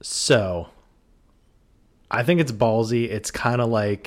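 A man's voice: medium pitch, takes it slowly, pauses often. A man co-hosting a podcast, chatting casually and joking with a rambling delivery and many fillers. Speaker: podcast co-host. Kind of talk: casual chat.

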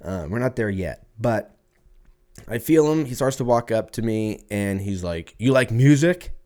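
This podcast host has a lowish, darkish voice that's animated yet unhurried. He rambles through a story casually, swearing and imitating the voices of the people involved.

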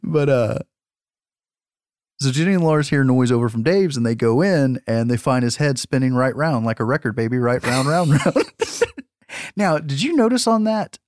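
A man's voice: medium pitch, no echo, clean studio sound. A man hosting a podcast, recapping a movie in a casual, profane way and laughing often. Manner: profane, laughing, animated storytelling. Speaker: podcast host.

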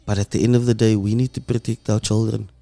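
A man with a South African accent hosting an emotional commentary monologue, impassioned and dropping low and soft when moved. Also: flat delivery, fast, creaky, faint music behind. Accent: South African English. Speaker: host.

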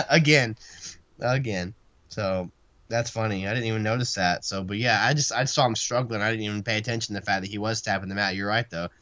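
A man's voice: fairly low pitch, fairly quick, a bit bright, no echo, lo-fi sound. A man co-hosting a podcast, giving a casual, rambling play-by-play recap of a wrestling match and laughing often. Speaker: podcast co-host.

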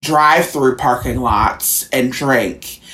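Woman, podcast co-host, casual chat, very deep, slow delivery. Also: fairly bright tone.

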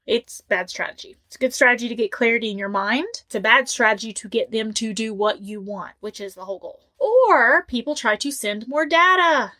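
Woman, relationship coach, direct advice talk, emphatic, animated, repeats her points, somewhat high voice. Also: a little fast, hardly any pauses.

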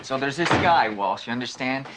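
An actor playing a cocky, sleazy middle-aged private detective in 1970s film dialogue, telling a joke with a brash, swaggering delivery. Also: male voice, mid-range voice, lively intonation, moderate pace, very noisy, natural voice.

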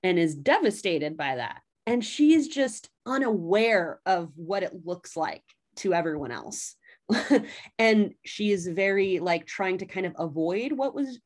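A woman casually recapping a story as a podcast host, chatty, animated and fond of swearing. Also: medium pitch.

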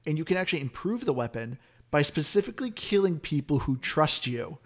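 A young man co-hosting a casual gaming chat, laid-back and quick to laugh, asking his co-hosts questions. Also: fairly high pitch, very animated. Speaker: podcast co-host.

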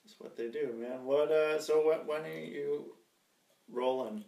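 A man's voice: on the high side, fairly even intonation, measured pace, vocal fry, dark tone, recorded from a distance. A young man in his twenties hosting a podcast in casual chat, laid-back and casually swearing. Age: 20s. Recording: echoey room, away from mic.

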